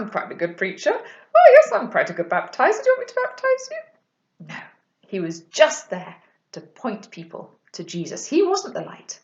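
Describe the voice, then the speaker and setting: A woman giving a gentle storytelling children's talk for a church, explaining things plainly to young listeners. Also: fairly low pitch. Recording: echoey room, slightly dull sound.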